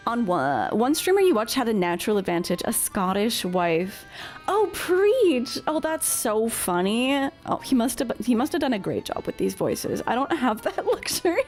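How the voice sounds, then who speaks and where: Woman streamer chatting while she plays, kinda high voice, jumps up and down a lot, laughs at herself, quiet music behind. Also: very animated, normal speed. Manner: chatty, self-deprecating, laughs often. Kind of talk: casual gameplay commentary.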